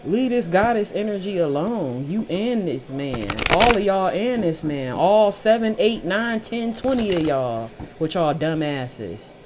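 A woman's voice: lowish voice, sing-song, unhurried, hardly any pauses, background noise. A woman giving a casual tarot reading who talks bluntly, swears freely and repeats phrases for emphasis. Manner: blunt, profane and fired up. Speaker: tarot reader.

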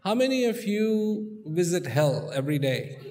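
A man's voice: fairly high pitch, very animated, normal speed, warm tone, a little hiss or hum. A man giving a playful storytelling talk, questioning his audience as a spiritual speaker. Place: large event hall. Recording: long hall reverb.

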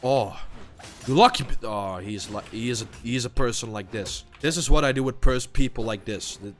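A man's voice: mid-range voice, fairly quick, a bit bright, soft background music. A tired young man, a non-native English speaker, swearing and muttering to himself during gameplay commentary. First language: not English. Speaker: gaming YouTuber.

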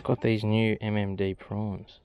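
A man's voice: fairly low pitch, little pitch movement, unhurried, clear, resonant tone, no echo, highs cut off. An Australian man on a boat outdoors, giving casual, chatty commentary as he fishes and talks to the fish he catches. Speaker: fishing vlogger.

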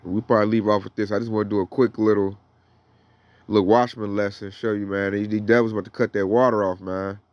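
A man's voice: on the low side, level tone, fast, no room sound. A man teaching the Bible in a casual, slangy preaching style, reading verses aloud between his comments. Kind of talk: casual sermon with scripture reading.

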